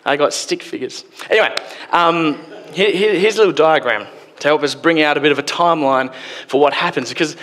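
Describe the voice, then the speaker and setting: A man's voice: on the high side, brisk, a bit bright, slight background noise. A man preaching a sermon in a church, casual and joking, acting out quotes as he goes. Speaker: pastor. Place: church hall. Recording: long hall reverb.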